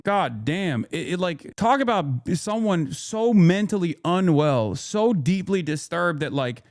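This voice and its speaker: A man's voice: a little high, a little mellow, no echo, clean studio sound. A man in his thirties streaming a profane, angry rant, retelling a run-in and quoting people in raised voices. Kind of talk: profane ranting commentary.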